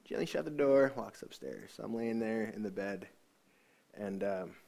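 A man giving an emotional personal testimony. He talks earnestly, often sinks to a soft hush, and restarts his sentences. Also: lowish voice, normal speed, creaky.

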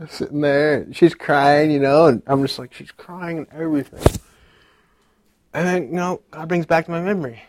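A man in his thirties giving a personal faith testimony, dropping to a hush and rising loud again, laughing at himself as he tells the story. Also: on the high side, fairly even intonation, moderate pace. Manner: swings from hushed to loud, laughing, self-deprecating storytelling.

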